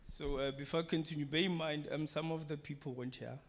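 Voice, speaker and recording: A man's voice: fairly high pitch, steady tone, quick pace. A man gives a hesitant summary of a training day to a group, with many ums. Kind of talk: workshop presentation. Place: training room. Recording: echoey room with faint noise.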